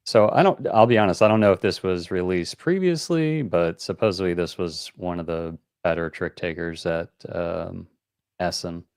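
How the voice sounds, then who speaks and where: Man, very deep voice, casual game-show host, rambling rule explanation, dry close sound. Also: moderate pace, a little mellow, clear, resonant tone, no room sound. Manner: rambling explanations with many fillers and restarts.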